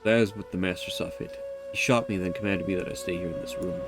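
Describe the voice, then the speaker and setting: A man voicing a weary, wounded male minotaur servant in a visual novel, speaking low and solemn. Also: fast, over loud music. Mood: grim. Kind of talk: reading a visual novel aloud on stream.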